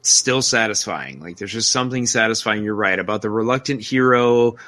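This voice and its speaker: Bright, rambling podcast guy. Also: on the low side, steady tone, brisk. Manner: enthusiastic, rambling, self-interrupting. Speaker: podcast co-host. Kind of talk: casual film review chat.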